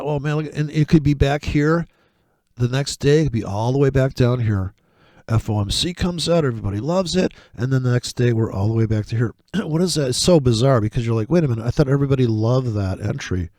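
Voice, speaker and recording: A man giving casual, rambling commentary over trading charts, swearing often and breaking into excited, mocking asides. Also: mid-range voice, no echo. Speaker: forex trading vlogger.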